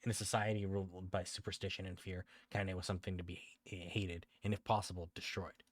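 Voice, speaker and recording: Deep-voiced man reading a story aloud. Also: level tone, a little fast, dry recording. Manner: frequent stumbles and self-corrections.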